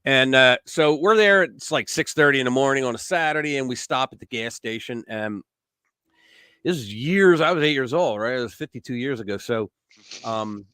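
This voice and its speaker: A man's voice: medium pitch, expressive, normal speed, pushed and bright, smooth, no room sound. A man in his sixties hosting a casual livestream, telling long rambling stories. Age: 60s. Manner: rambling storyteller who acts out the voices. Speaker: host.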